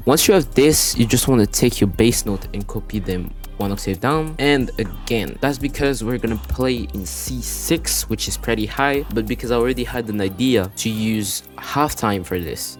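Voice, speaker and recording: A man with a French accent narrates a beat-making tutorial in a relaxed, rambling way, leaning on "you wanna" and "you know". His voice sits on the low side. Soft music plays faintly behind him. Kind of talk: screen-recorded music production tutorial. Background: beat playback between explanations.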